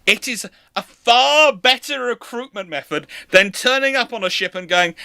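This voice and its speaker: A man's voice: very high voice, animated, normal speed, vocal fry, hardly any pauses, bright, forceful tone, clear, resonant tone, no echo. A man hosting a live-stream history lecture, explaining in a conversational, digressive way. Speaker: host.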